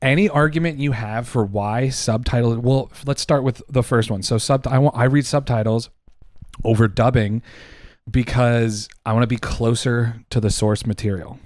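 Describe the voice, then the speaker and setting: A man co-hosting a podcast, delivering a heated, profane opinion rant, loud and emphatic. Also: medium pitch, fairly even intonation, normal speed, no echo, studio quality. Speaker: podcast co-host.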